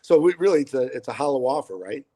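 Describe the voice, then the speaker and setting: A middle-aged man, a high school football head coach, answering interview questions over a video call in an earnest, rambling way with many restarts. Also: sing-song, fast, dark tone, poor audio.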